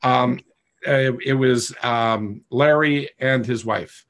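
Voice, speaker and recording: Slow and fairly bright, a mid-range male voice guides a live webinar over a video call microphone. The coach walks through the material patiently and pauses often to check in with his class.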